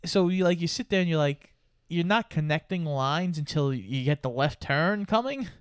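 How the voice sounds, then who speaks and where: A man co-hosting a casual movie podcast, talking in a relaxed, rambling way. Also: fairly high pitch, moderate pace, smooth, dry recording, studio quality. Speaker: podcast co-host. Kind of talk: casual movie-review chat.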